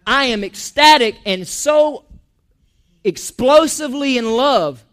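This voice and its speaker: A man preaching a sermon in a church, animated, joking and going off on asides. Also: very high-pitched, takes it slowly. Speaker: pastor.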